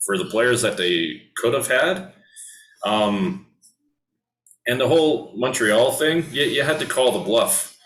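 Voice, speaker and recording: A man's voice: lowish voice, a bit bright, roomy sound, rough recording. A man hosting a casual hockey podcast, talking loosely with many ums and restarts. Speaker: podcast host. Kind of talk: casual sports chat.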